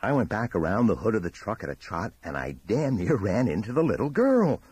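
A man reading a horror audiobook in a measured, dramatic storytelling manner. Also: fairly low pitch, big pitch swings, a little mellow, husky, no echo. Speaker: audiobook narrator. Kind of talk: scripted horror narration.

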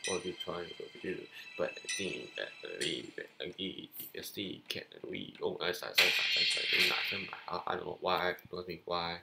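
A man giving casual, excitable commentary over his own card game, repeating himself and calling out to his opponent. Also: deep voice, normal speed, creaky, few pauses, heavy background noise. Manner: excitable, repeats phrases, talks to opponents on screen. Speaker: gameplay commentator. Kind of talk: casual live gameplay commentary.

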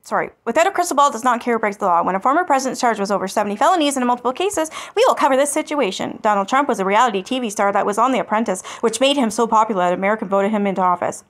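A woman's voice: on the high side, expressive, rapid-fire, hardly any pauses. A woman hosting a commentary channel, reading online comments aloud and answering them with sarcasm and swearing. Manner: sarcastic and scornful, swears freely.

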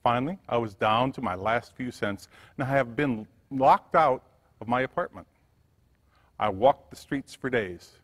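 A man's voice: mid-range voice, unhurried, lightly acted. A man voicing a wealthy, kind middle-aged businesswoman who speaks politely but insists. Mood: gracious. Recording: church hall reverb.

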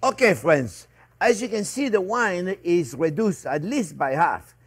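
Male chef host, somewhat high voice, chatty, talks to viewers like friends. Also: big pitch swings, unhurried, noisy background. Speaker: chef, cooking show host. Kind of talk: casual cooking demonstration. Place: studio kitchen.

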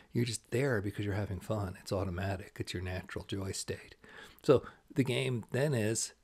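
A man's voice: medium pitch, a little mellow. A man hosting a spiritual talk show, telling jokes and stories in an enthusiastic, casual way. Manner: jokey, enthusiastic storytelling. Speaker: host and channeler.

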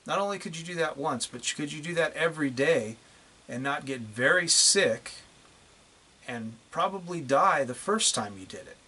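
A man's voice: fairly high pitch, expressive, measured pace, long pauses, bright, forceful tone, breathy edge. A man ranting bluntly to the camera in a profane, repetitive video monologue. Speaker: vlogger.

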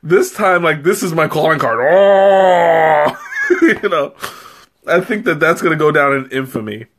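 Man, slightly high voice, giggly, rambling, self-mocking, stuffy runny nose, live-stream chat. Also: a little fast, fairly bright tone, slight background noise. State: runny nose from spicy tea. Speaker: live-stream tea taster.

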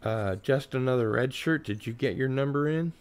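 A man's voice: mid-range voice, normal speed. A man hosting a casual watch party stream, running a giveaway in an easygoing way.

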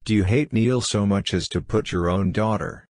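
A fearless young lady of rank, read by a man in his own low voice. She speaks clearly, with a slight quiver, standing her ground. The recording is dry and close. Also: normal speed, a little mellow, dry recording, natural voice. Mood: fierce. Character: proud young noblewoman, brave and fierce.

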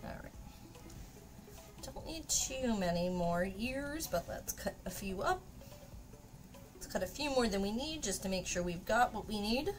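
A woman's voice: mid-range voice, lively intonation, a little slow, pauses often, faint music behind. A woman chatting casually to her viewers during a live craft stream, laughing often and swearing now and then.

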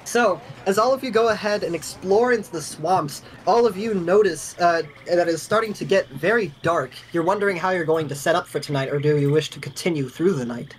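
A young man narrates a tabletop game as dungeon master. His voice sits somewhat high, and he talks in a casual, halting way full of fillers. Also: a little hiss or hum, poor audio.

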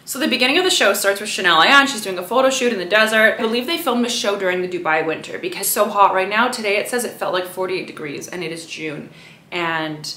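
A woman's voice: medium pitch, fast talker, sharp tone. Brief: young woman vlogger, casual and chatty, roomy echo. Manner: chatty, peppers speech with "right?" and "you know". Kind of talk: casual chat to camera.

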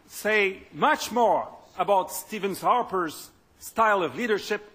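A man's voice: high-pitched, animated, measured pace, a bit bright, slightly rough. A man giving a political speech as party leader, emphatic and stumbling into repetitions at times.

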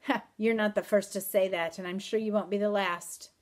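A woman reading aloud in the voice of a mysterious, teasing wandering man with calm, old-country phrasing. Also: medium pitch, normal speed, natural voice. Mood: wry. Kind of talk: audiobook reading.

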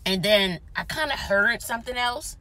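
This woman's voice is fairly high and moves at a normal speed. She's a vlogger in a parked car, animatedly retelling a dramatic story in a casual, chatty way and frequently slipping into whispers.

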